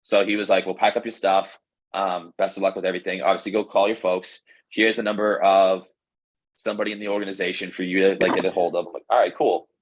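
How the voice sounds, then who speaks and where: A young man, a pro baseball pitcher, telling his story in a casual interview, rambling with lots of fillers and quoted dialogue. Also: flat delivery, fast talker, low-quality recording. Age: young adult.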